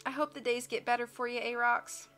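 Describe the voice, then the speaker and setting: A woman reading a book aloud on a live stream, with expressive narration and casual asides to her chat. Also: fairly high pitch, brisk, soft background music.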